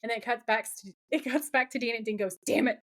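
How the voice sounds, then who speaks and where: Gushing, excitable woman podcast host. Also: on the high side, fast talker. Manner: gushing, excitable, swears and laughs often. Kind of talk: casual episode recap chat.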